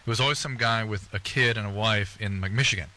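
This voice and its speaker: A man hosting a radio call-in show, talking quickly and chattily with frequent restarts. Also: on the low side, bright, forceful tone. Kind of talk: radio talk and interview.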